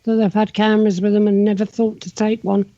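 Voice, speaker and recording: A woman's voice: medium pitch, little pitch movement, a little fast, mellow, lo-fi sound. A woman co-hosting a radio interview, giving brief responses and asking questions. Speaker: radio show co-host.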